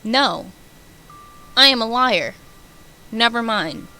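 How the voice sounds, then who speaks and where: A young woman streamer chatting casually with her viewers, animated and giggly, rambling between topics. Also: on the high side, slow pace, clean tone.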